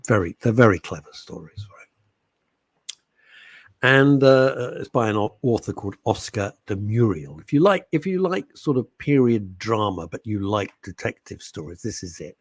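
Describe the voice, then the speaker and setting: Man, radio host, rambling chat, husky, dry studio sound. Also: on the low side, normal speed, no room sound. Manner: animated, rambling, puts on quoted voices.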